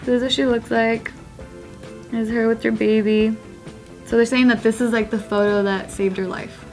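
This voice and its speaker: A woman's voice: a little high, flat delivery, normal speed, darkish tone, soft background music, rough recording. A woman hosting a casual news show, presenting stories in an upbeat way. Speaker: host.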